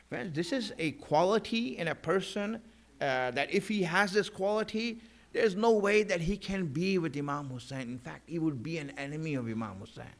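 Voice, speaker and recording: A man with a somewhat raised pitch gives a sermon in a relaxed, conversational manner. He leans on "you know" fillers and drives home key points by repeating them. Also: normal speed. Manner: emphatic repetition of key lines. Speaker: preacher.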